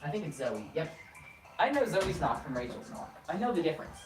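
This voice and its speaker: A young adult woman giving casual let's-play commentary, playful and teasing, swinging fast between moods. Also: low voice, very animated, soft background music. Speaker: gaming streamer.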